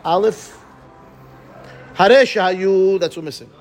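Faint music plays behind this high-voiced man as he leads a Talmud class. He reads Aramaic aloud, then unpacks it in English piece by piece, moving fast with lively energy and frequently asking his audience "right?" to check they're following.

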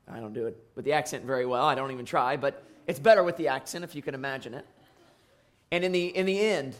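A man preaching a sermon as pastor, reading scripture and then speaking conversationally, with frequent fillers and restarts. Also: medium pitch.

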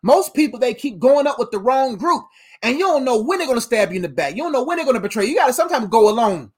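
A woman preaching a sermon in an animated, emphatic way, using slang and calling her listeners "fam.". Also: a little high, fast talker, husky.

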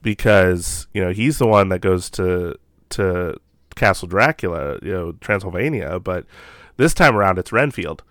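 A man co-hosting a podcast, chatting about old films in a relaxed way. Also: low voice, unhurried, dry recording, studio quality. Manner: relaxed, laughs easily. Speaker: podcast co-host. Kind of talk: casual film discussion.

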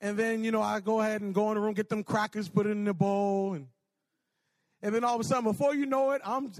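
High-voiced animated male preacher. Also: quick pace, no echo. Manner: animated, repetitive storytelling with laughs. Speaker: pastor. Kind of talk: sermon.

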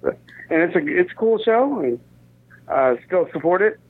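A man who is a comedian guest in a casual chat. He is a little hoarse from coughing and tells stories dryly. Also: high-pitched, expressive, moderate pace. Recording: tinny phone-like sound.

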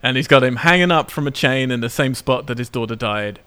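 Excitable man recapping a film plot. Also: medium pitch, fairly quick, smooth. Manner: excitable, laughs often while recapping. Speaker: podcast co-host recapping a film. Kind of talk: casual chat.

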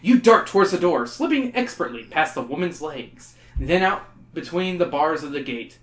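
A man reading a choose-your-own-adventure book aloud to friends, animated and tossing in joking asides. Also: on the high side, moderate pace. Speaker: game reader. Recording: roomy echo.

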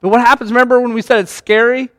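A man preaching a sermon as pastor in a conversational, animated way, often acting out quoted lines. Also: very high voice, fast, no room sound.

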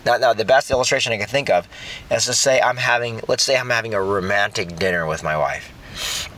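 A man's voice: fairly low pitch, brisk, bright, forceful tone, a little hiss or hum. A middle-aged man preaching a sermon in a conversational way, often repeating words while he thinks. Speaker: pastor.

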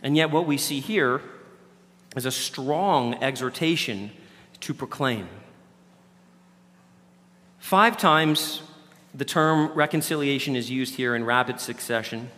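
A man's voice: medium pitch, takes it slowly, pauses often, bright, forceful tone, big-room sound. A man preaching a sermon in a loose, conversational way, often restarting his sentences. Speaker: pastor.

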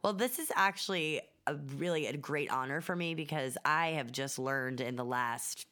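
A woman's voice: low-pitched, normal speed, fairly bright tone. A woman interviewing a guest in an improvised comedy bit, polite and apologetic, playing it straight.

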